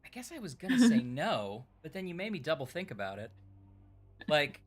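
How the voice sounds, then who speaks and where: Lively, playful male stream host. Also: fairly high pitch, brisk. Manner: playful, mock-directing, lively. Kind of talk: casual gameplay chat.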